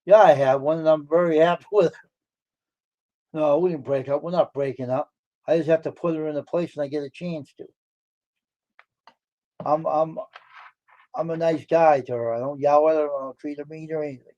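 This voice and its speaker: A blunt, boastful man chatting on a live stream, his voice sitting a little high for a man. The audio is dull and lo-fi. He rambles loosely and talks tough. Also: fairly even intonation, moderate pace, long pauses, warm tone. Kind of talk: casual chat.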